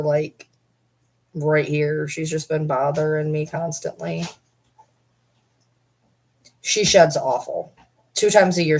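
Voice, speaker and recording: A woman's voice: low voice, darkish tone. A young woman vlogger chatting candidly and rambling with her viewers, swearing now and then. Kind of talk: casual chat.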